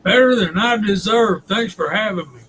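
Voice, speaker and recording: A man's voice: high voice, moderate pace, background noise. A man joking casually as a guest on a livestream.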